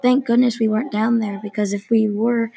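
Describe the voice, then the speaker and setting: A woman reading a hushed, nervous schoolkid. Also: a little high, fairly even intonation, a little fast, vocal fry, slightly rough. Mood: hushed, worried. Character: schoolkid Avery, nervous on a risky field trip. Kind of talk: reading a story aloud.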